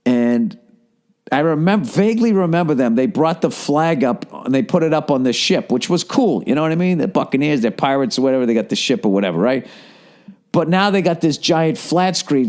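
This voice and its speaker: A man rants through a solo podcast, swearing freely and throwing in sarcastic asides. His voice sits a little high for a man. He comes from the Boston area and talks in a loose, fired-up monologue. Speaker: podcast host.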